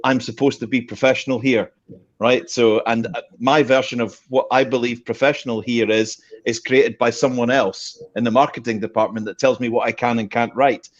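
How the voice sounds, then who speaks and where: A man, chatting on a panel, telling animated stories and laughing often. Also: medium pitch, normal speed, muffled recording. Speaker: panel guest. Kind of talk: casual chat.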